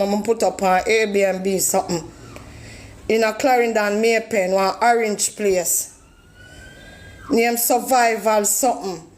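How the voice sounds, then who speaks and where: A woman's voice: mid-range voice, darkish tone. A Jamaican woman complaining indignantly on a livestream, swearing at times. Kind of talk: angry livestream talk.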